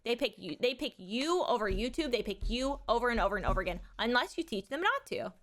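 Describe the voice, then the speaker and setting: A woman's voice: fairly high pitch, big pitch swings, fast talker, fairly bright tone, a little hiss or hum. A woman in her thirties chatting casually on a livestream, rambling frankly about raising her son and swearing freely. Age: 30s. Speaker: streamer and mother.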